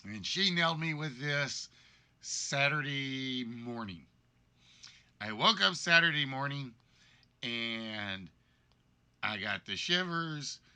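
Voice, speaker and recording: Sick guy hosting his stream, stuffed up and coughy, slow rambly talk, real tense bright tone. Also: medium pitch, lively intonation, smooth. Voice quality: weakened, congested voice. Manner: rambling, apologetic storytelling. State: congested and coughing from a cold. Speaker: game show host. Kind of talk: casual livestream chat.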